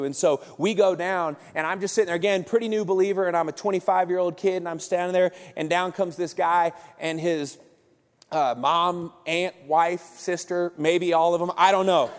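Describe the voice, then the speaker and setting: A man preaching a sermon as comic storytelling, animated and breaking into shouted bursts. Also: high-pitched, brisk. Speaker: pastor. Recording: long hall reverb.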